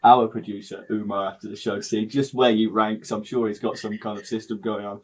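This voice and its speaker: A man's voice: lowish voice, little pitch movement, fairly quick. Upbeat man hosting a podcast. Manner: upbeat, jokey banter. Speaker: podcast host. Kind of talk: casual interview chat.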